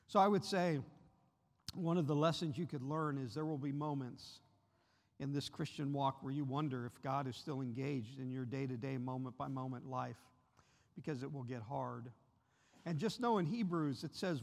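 A man's voice: mid-range voice, normal speed, gravelly. A male guest preacher giving an earnest sermon, his voice rising sharply when he voices the disciples' cries. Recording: long reverb of a large hall.

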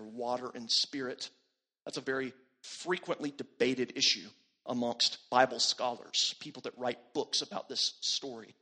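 A man's voice: mid-range voice, bright, forceful tone, husky. A man preaching a sermon as pastor, emphatic and building through repeated phrases.

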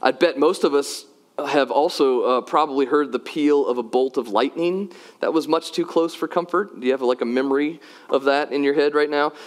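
Man, pastor, sermon, storytelling, emphatic exhortation, fairly high pitch. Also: normal speed.

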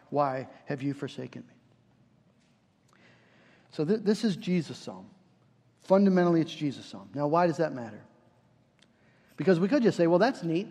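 Man, preacher, sermon, high voice, earnest, fervent, restarts phrases, reverberant hall. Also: darkish tone. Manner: earnest, rising to fervent emphasis with repeated restarts.

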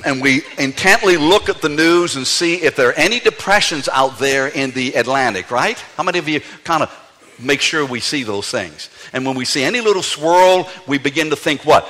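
Older New preacher in a hall. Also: male voice, a little high, normal speed. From New Orleans. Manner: animated preaching with playful asides. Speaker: pastor. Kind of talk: sermon.

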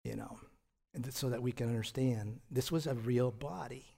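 A pastor preaching a conversational sermon, asking rhetorical questions and answering them himself, often repeating words and chuckling between points. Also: male voice, mid-range voice, moderate pace, creaky, warm tone.

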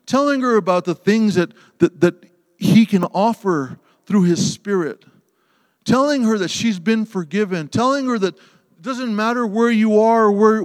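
A man preaching a sermon with passion, swinging between loud emphasis and hushed, tender passages. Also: sits high. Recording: long hall reverb.

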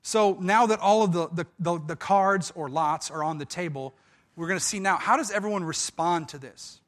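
A man preaching a sermon, walking through a scripture passage with animated storytelling and frequent restarts. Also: high-pitched, normal speed. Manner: animated storytelling with dramatized quotes. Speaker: pastor.

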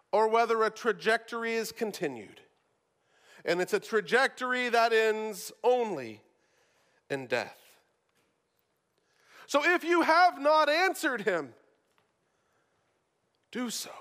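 A man's voice: very high voice, bright, forceful tone, in a large hall. A male pastor preaching a sermon, talking casually and often repeating words as he starts a thought.

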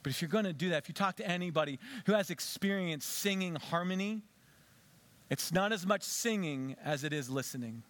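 A man preaching in a church with a slightly high voice, talking to the congregation in an easy, conversational way. He drops to soft, low tones to stress a point. It sounds like a pastor giving a sermon. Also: a little fast. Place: church sanctuary.

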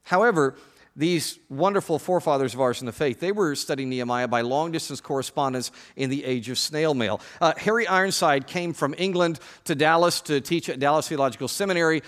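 A male pastor giving a sermon, lively and joking as he addresses the congregation directly. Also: a little high, brisk, in a large hall.

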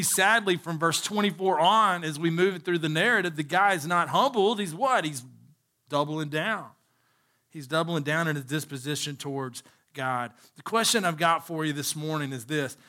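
A male pastor delivers a sermon with a bright, forceful voice pitched a little high. He preaches emphatically, pausing to pose rhetorical questions to his listeners.

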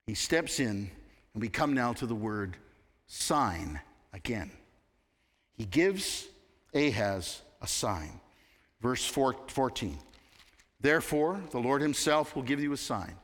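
A man preaching a sermon, emphatic and expressive, with dramatic pauses as he works through the scripture. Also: fairly high pitch. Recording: long hall reverb.

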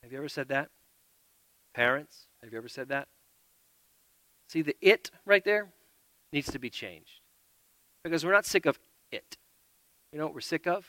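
A man delivers a sermon in a bright, forward voice pitched a little high. He talks earnestly, swinging between loud emphasis and quiet asides. The sound is close and dry, with little room around it. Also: expressive, moderate pace, long pauses, no room sound. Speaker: preacher.

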